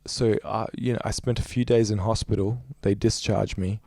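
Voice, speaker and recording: A man's voice: lowish voice, steady tone, moderate pace, gravelly, warm tone, no room sound, clean studio sound. A man, a young adult musician, recounting a story in a casual interview with a rambling, filler-heavy way of talking. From Australia. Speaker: musician guest.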